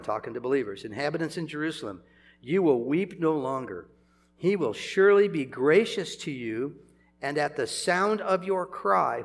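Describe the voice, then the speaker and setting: An older man preaching a sermon in a gravelly, slightly high voice. He talks in a chatty, conversational way, breaking into chuckles and then sudden emphatic swells.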